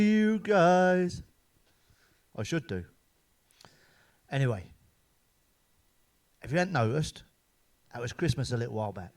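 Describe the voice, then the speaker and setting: A man's voice: on the high side, darkish tone. A middle-aged man, telling coarse, swearing jokes in a casual stand-up monologue. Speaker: stand-up comedian. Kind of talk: joke-telling monologue to camera.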